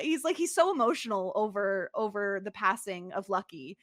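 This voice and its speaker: A woman co-hosting a podcast, talking in a casual, halting way with lots of fillers. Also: mid-range voice, no echo, studio quality. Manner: halting, filler-heavy, earnest. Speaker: podcast co-host. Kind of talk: casual chat.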